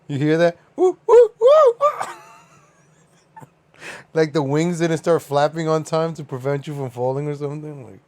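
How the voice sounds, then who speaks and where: A man's voice: a little high, fairly even intonation, normal speed, a little mellow, no echo. A man hosting a livestream, giving casual reaction commentary. He laughs a lot and swears freely. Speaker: livestream host.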